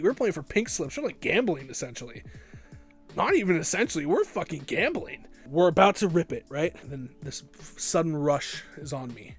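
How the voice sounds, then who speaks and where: A man's voice: a little high, big pitch swings, normal speed, faint music behind. A young man telling an exaggerated comic story for his vlog, swearing freely and building it up like an epic battle. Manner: profane, exaggerated, mock-epic. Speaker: vlogger. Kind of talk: comedic storytime monologue.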